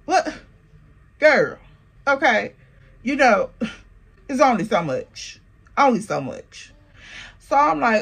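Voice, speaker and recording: A woman telling a casual storytime, animated and slangy, talking straight to the viewer. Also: high-pitched, normal speed, pauses often, husky. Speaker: storytime vlogger.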